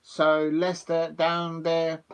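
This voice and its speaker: Male livestream host, casual rambling chat, voice sits a little high. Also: monotone, slow pace, clear, resonant tone. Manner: chatty, rambling, with many fillers. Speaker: football watch-along streamer. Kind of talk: casual live commentary.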